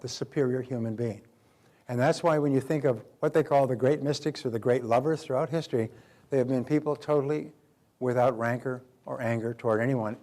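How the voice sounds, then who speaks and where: A middle-aged man delivers a motivational talk at an average pitch. He drives his points home by repeating them and acts out short exchanges in quoted voices. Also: darkish tone. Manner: emphatic, repeats key phrases, acts out quoted dialogue. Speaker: motivational speaker.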